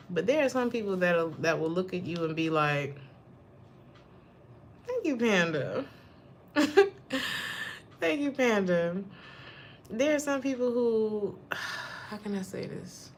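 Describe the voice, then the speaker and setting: A young woman hosts a casual tarot reading, chatting in a loose, slangy way and drifting into side stories. Her pitch swings widely and often jumps up into laughter, with a faint room hum behind her. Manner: animated storyteller who breaks into high laughing outbursts; slangy and digressive. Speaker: tarot reader. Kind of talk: casual livestream tarot chat.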